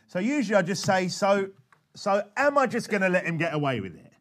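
A man giving an animated, conversational teaching talk as a preacher, often restarting his sentences. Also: sits high, a little fast. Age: adult father. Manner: animated and chatty, with frequent restarts. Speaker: preacher teaching soul-winning.

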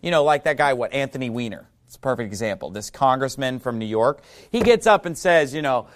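A man's voice: mid-range voice, lively intonation, fairly quick, few pauses. A male preacher teaching from the Bible in a sermon, reading scripture aloud and asking the audience questions.

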